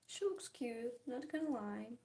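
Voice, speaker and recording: A woman's voice: on the high side, measured pace, gravelly, mellow. A young woman chatting casually and giggling while she paints, trailing off into murmured, half-whispered asides. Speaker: art vlogger.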